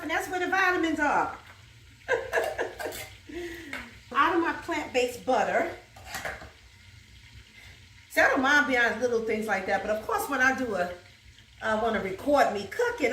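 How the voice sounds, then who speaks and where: A woman with a medium-pitched, slightly bright voice hosts a cooking video from her home kitchen, food frying nearby. Speaking with a New York accent, she keeps the chat casual, laughs often, and breaks into gospel song. The distant mic gives roomy audio with slight background noise.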